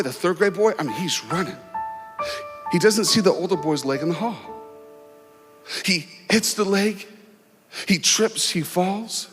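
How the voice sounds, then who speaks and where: A man giving an emotional, dramatic inspirational talk as a guest speaker before a large crowd, telling a story with pauses and swells. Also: high-pitched. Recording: long hall reverb, faint music.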